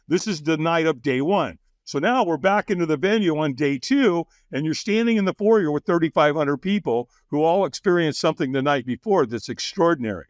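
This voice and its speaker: An animated man telling stories as a podcast guest, his voice sitting fairly high and swinging widely in pitch. He laughs often and acts out what others said. The sound is close and dry, with no room around it. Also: no room sound. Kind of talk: casual interview storytelling.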